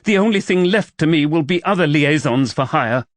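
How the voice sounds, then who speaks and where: A woman's voice: low voice, lively intonation, moderate pace, dry recording, voice pushed up. A man voicing a proud, wary young widow who works as a paid companion, speaking tensely and defensively in an audiobook. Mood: distraught.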